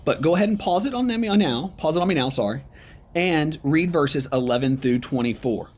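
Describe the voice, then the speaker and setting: A man's voice: a little high, lively intonation, moderate pace. Encouraging man leading a Bible study. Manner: conversational, encouraging, frequent ums. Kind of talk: guided online Bible study lesson.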